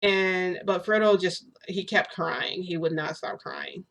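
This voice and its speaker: A woman talks straight to her audience in a chatty, excitable way. She retells events in a relaxed, casual storytelling style. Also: on the low side, unhurried. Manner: excitable, chatty retelling full of "I'm like" and "freaking". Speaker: vlogger.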